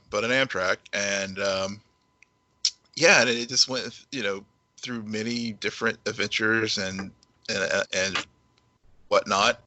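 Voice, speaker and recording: A man co-hosting a podcast, talking casually with halting repeats while summing up a show. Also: fairly low pitch, pushed and bright, no room sound, low-quality recording. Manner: halting, repeats words, summarizes plots. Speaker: podcast producer and co-host. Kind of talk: casual review chat.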